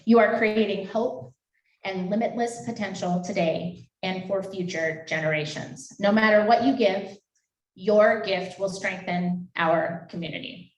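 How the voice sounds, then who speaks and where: A woman's voice: mid-range voice, a little slow. A woman making an emotional, chatty fundraising appeal into a handheld microphone at a live event, laughing and tearing up. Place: event hall. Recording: echoey hall, distant mic.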